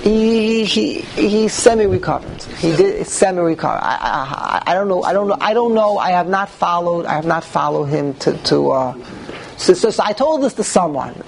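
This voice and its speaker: A man's voice: sits high, animated, moderate pace, gravelly, a little hiss or hum, rough recording. A man teaching a classroom Talmud lecture, emphatic and often restarting, putting questions to his listeners. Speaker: Torah teacher.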